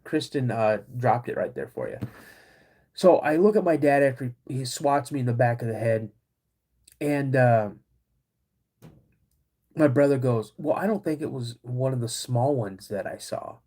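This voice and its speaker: A middle-aged man hosting a podcast, telling a personal story in an animated way, acting out quoted voices and calling his listeners "guys". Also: medium pitch, a little slow, long pauses. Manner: acts out quoted voices of his dad and himself. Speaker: podcast host.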